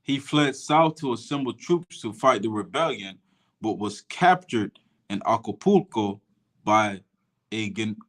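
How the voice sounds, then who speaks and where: A man reading a history text aloud and stopping to comment on it, slowing down and stumbling over foreign names. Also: fairly low pitch, animated, fairly bright tone.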